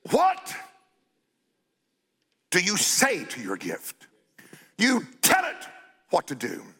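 Older man preaching a scolding sermon, high and gravelly, blunt with drawn-out shouted emphasis. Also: wildly swooping pitch.

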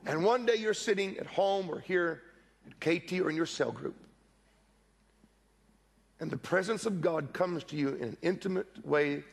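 A middle-aged man preaches in church with a high, gravelly voice that has a husky edge. He delivers an animated sermon and slips into the voices of the people in his stories. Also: moderate pace, long pauses. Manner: animated storytelling preacher, acts out quoted voices. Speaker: pastor.

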